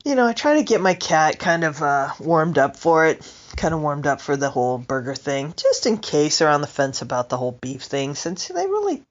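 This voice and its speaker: A woman's voice: deep voice, normal speed, muffled recording. A woman doing a stand-up comedy monologue, rambling and asking her listeners questions. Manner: rambling, animated, asks the audience questions. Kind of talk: comic monologue.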